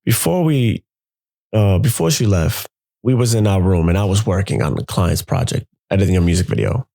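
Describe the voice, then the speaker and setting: A young man telling a personal story in a casual, animated way, jumping into his friends' voices when he quotes them. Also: low-pitched, moderate pace, gravelly.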